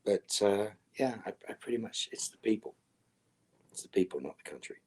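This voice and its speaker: A middle-aged man answering fan questions in a virtual Q&A panel over a video call. He is dry and wry, and often trails off into soft, mumbled asides. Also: lowish voice, lively intonation, a little fast, breathy edge.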